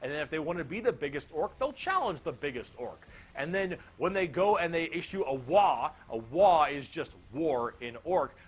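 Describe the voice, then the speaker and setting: A man's voice: a little high, slightly rough. A man narrating a casual comedic explainer with lots of energy, joking and swearing freely.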